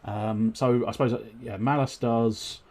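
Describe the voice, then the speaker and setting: A man's voice: medium pitch, fairly even intonation, unhurried, darkish tone. A man chatting casually on a live game stream, wordy and politely formal, with frequent fillers and restarts. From United Kingdom.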